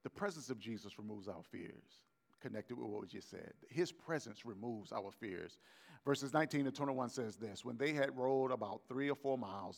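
A man's voice: medium pitch, creaky, a little mellow. A man, the pastor, preaching a conversational sermon and acting out the voices of biblical figures.

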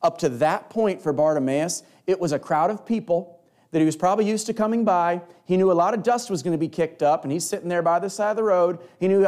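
Animated male preacher with a higher voice. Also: fairly quick. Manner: animated storytelling, acting out scripture. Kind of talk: sermon.

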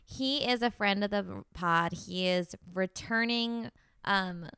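Bright crisp young woman host. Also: mid-range voice, takes it slowly, no room sound, studio quality. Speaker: podcast host. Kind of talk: casual podcast chat.

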